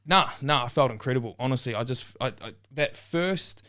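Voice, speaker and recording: A young man from New Zealand, a podcast guest in a relaxed casual chat, often saying "man" and "bro". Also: medium pitch, brisk. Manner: laid-back, says "man" and "bro" often.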